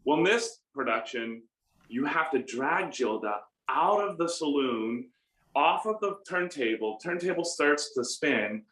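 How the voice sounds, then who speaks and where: A middle-aged American man, an opera baritone, telling animated stories with self-deprecating humor in a conversational interview. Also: unhurried. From United States. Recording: roomy room echo.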